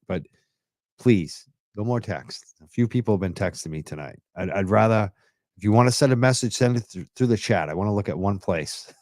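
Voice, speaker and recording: A man's voice: lowish voice, a little mellow, no room sound, clean studio sound. Chatty male livestream host. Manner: chatty, laughs between lines. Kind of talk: casual livestream chat reading comments.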